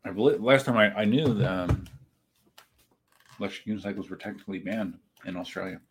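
A man with a fairly low, slightly rough voice talks briskly while hosting a casual livestream from a desk setup. He reads viewer comments out loud and rambles chattily in reply.

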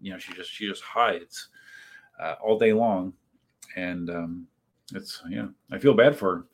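Man, livestream host, low husky voice, chatty, reads chat comments and answers them. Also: unhurried. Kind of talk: casual livestream chat reading viewer comments. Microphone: desk setup while live streaming.

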